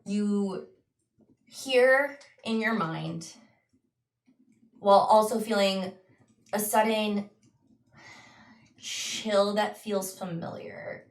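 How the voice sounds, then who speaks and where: A woman game master slowly narrating a tabletop dream scene, with small restarts. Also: medium pitch, distant mic. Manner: slow, descriptive storytelling with restarts. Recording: echoey room, voice off-mic.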